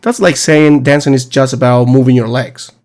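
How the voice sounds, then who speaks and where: A man's voice: medium pitch, moderate pace. Emphatic man hosting a teaching podcast. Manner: emphatic, lively teacherly delivery with rhetorical questions. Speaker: podcast host. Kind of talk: solo educational podcast monologue.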